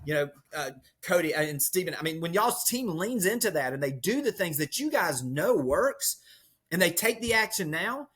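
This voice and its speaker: A man, a podcast guest, speaking as an energetic motivational storyteller who leans on metaphors. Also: high-pitched, moderate pace, slightly rough. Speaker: podcast guest, real estate leader. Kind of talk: motivational conversation.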